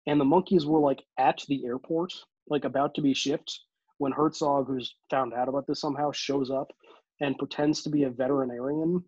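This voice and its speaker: Brief: husky-voiced man co-hosting a laid-back podcast, dull lo-fi dry mic. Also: medium pitch, normal speed, no room sound. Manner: relaxed, recounts facts with many "like" fillers. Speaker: podcast co-host. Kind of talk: casual chat.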